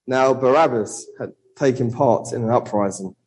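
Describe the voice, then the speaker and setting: A man preaching a sermon and reading a Bible passage, earnest, with rhetorical questions and slowing down for emphasis. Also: medium pitch, lively intonation, a little mellow, poor audio.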